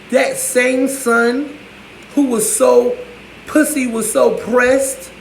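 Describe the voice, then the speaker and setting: A man's voice: extremely high pitch, creaky, a little hiss or hum. A man ranting to camera in a profane, sassy, scolding way, in an echoey room. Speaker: vlogger.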